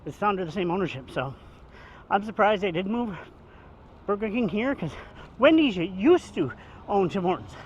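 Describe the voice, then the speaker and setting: A vlogger with a fairly high, sing-song voice films a casual walking vlog on a handheld phone, rambling and joking as he heads down the street. He speaks at normal speed with long pauses and sounds a bit winded from walking. The recording is muffled, with a faint traffic hum behind him.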